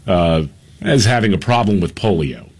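Male radio co-host, husky, laid-back headline reading with filler pauses. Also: low voice, lively intonation. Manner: laughs often, many "uh" pauses while reading headlines. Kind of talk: casual radio talk. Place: radio studio.

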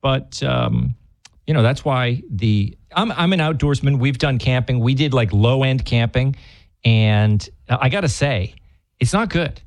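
A man's voice: mid-range voice, measured pace, creaky, dry recording. A man with a Massachusetts accent in casual chat, rambling and laughing often, breaking off his own sentences.

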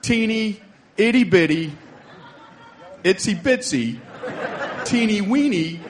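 A man's voice: sits high, lively intonation. A man doing stand-up comedy, drawing out a playful list of words. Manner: drawn-out, playful word lists. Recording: noisy club with crowd.

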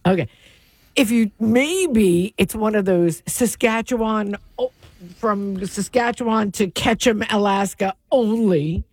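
A woman's voice: medium pitch, takes it slowly, dry recording. A woman co-hosting a morning radio show, teasing her partner with lots of giggles. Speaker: radio co-host. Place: radio studio.

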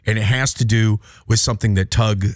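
Morning radio host, man with a lowish voice who rambles and trips over his words. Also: steady tone, brisk, no room sound, studio quality. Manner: rambling, stumbling, self-mocking. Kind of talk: casual morning radio banter. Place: radio studio. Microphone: studio microphone.

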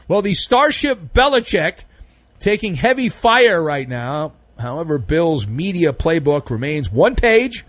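A sports radio host with a fairly high male voice that leaps all over the place, swinging between big punchlines and muttered asides. He talks in a sarcastic, theatrical, jokey way, with the dry, close sound of a studio mic. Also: big pitch swings, a little slow, fairly bright tone, no room sound. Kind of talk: animated sports talk monologue.

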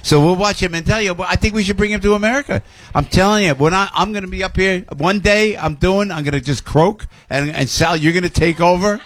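An older man hosting a radio show, talking in loud, animated banter full of laughs and shouts. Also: high-pitched, brisk. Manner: excitable, shouting and laughing, New York showman banter. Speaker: radio host.

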